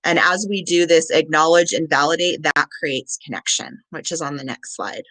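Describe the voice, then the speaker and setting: Earnest woman trainer with a bright voice. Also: low voice, moderate pace, no echo. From Southern Nevada. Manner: earnest, explains step by step with many ums. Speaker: crisis support trainer. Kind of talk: live-streamed training presentation.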